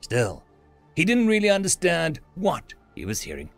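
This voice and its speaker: A man narrating a science fiction story in an expressive, dramatic style. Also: on the high side, normal speed, vocal fry, no echo, soft background music.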